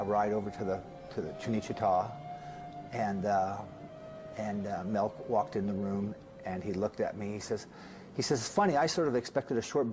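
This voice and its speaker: Brief: male film editor, lowish voice, easy anecdotal interview telling, clear music underneath. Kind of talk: documentary interview.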